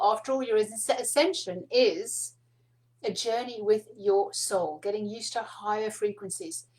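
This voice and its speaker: A middle-aged woman hosting a spiritual card reading, speaking softly and meanderingly with fillers and small laughs. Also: on the high side, poor audio. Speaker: spiritual card reader and host. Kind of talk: casual spoken teaching to camera.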